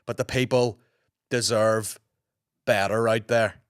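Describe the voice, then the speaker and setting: Northern Irish podcast host in his thirties, hoarse from a cold, lowish voice, swears a lot, dry close mic. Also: steady tone, takes it slowly, no echo. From Northern Ireland. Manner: swearing, rambling storyteller. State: hoarse from a sore throat. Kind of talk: casual solo podcast chat.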